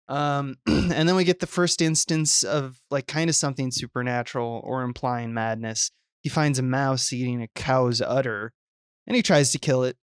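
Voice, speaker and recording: A man co-hosting a podcast, talking through a movie in a relaxed way with lots of hesitations and fillers. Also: medium pitch, moderate pace, clean tone, no room sound, clean studio sound. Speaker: podcast co-host. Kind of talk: casual film discussion.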